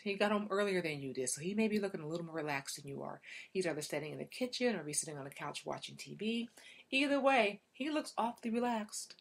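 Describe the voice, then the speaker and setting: A woman working as a relationship coach, talking directly to viewers in a chatty, animated way. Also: fairly low pitch. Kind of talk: casual direct-to-camera talk.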